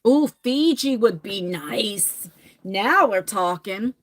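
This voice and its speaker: A woman in her forties chatting candidly with viewers, laughing often and rushing through some phrases. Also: medium pitch, expressive, a bit bright. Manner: chatty and candid, laughing, bursts of fast talk. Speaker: vlogger answering viewer questions. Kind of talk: casual chat.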